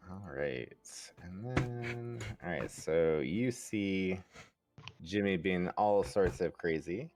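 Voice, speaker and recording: Deep lively man running the game. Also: slow, music in the background. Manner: laughing, loose and chatty. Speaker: game master. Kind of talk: running a live tabletop game.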